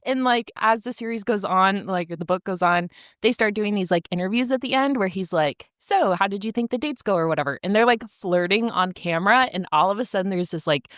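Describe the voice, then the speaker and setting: A woman's voice: medium pitch, a little fast, a bit bright, no room sound, studio quality. A woman co-hosting a podcast, chatting enthusiastically and casually, with lots of filler words. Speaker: podcast co-host. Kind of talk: casual chat.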